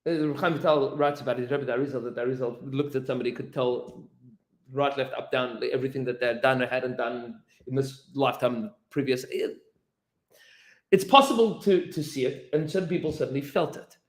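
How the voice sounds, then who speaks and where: A man's voice: mid-range voice, fairly quick, echoey room, rough recording. A man, a rabbi, teaching an informal Torah class, telling stories with lots of fillers and restarts and acting out the quoted lines. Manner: animated storyteller, many fillers and restarts, acts out quotes. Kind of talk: informal Torah lesson with storytelling.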